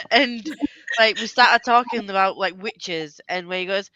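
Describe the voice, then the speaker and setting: A woman's voice: medium pitch, unhurried, sharp tone, no room sound, lo-fi sound. A woman hosting a casual chat, laughing often and swearing freely. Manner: laughs often, swears, slips into silly voices. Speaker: host.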